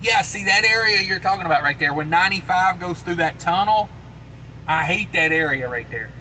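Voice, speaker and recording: A man's voice: sits high, lively intonation, fairly quick, bright, forceful tone, slight background noise, rough recording. A man hosting a trucker livestream, chatting casually and reading viewer comments aloud. He talks in a laid-back, rambling way, with lots of fillers and repeated phrases.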